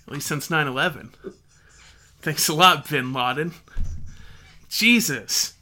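A man co-hosting a sports podcast, talking in a loose, animated way and swearing freely. His voice is very bright and sits a little high for a man. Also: takes it slowly. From San Diego area. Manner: animated, profane, laughs often. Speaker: podcast co-host. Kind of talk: casual sports chat.

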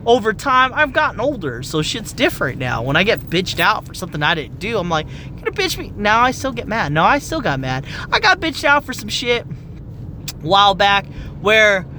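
Bright, lively, profane ranting speaker. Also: mid-range voice, moderate pace, a little hiss or hum. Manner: heated, profane, exasperated. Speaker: medical office worker. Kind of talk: ranting monologue.

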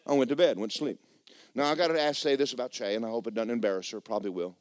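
A male pastor preaching a sermon with animated, folksy, joking storytelling. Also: mid-range voice, racing, dry recording, clean studio sound.

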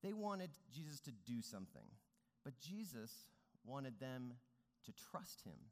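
A man's voice: medium pitch, sing-song, unhurried. Pastor guy preaching, earnest, voice swoops up and down a lot, big hall echo. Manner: earnest, rising and falling emphasis. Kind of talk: sermon. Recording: long reverb of a large hall.

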